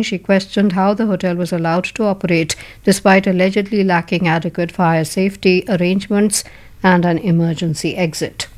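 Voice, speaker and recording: A woman newsreader, reading a news bulletin in a formal, measured way. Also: mid-range voice, darkish tone.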